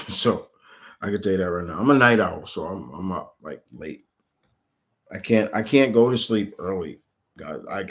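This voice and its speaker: Man rambling casually through viewer questions. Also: lowish voice. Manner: rambling, with many fillers and restarts. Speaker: streamer answering chat questions. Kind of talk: casual live-stream chat.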